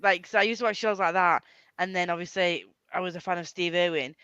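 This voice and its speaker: A woman rambles through a casual chat with friends, breaking into giggles often. Her voice is bright and forward, caught close in a dry space with a slightly dull, lo-fi quality. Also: fairly low pitch, steady tone, brisk, clear, resonant tone, dry recording. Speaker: channel host. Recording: dull lo-fi sound.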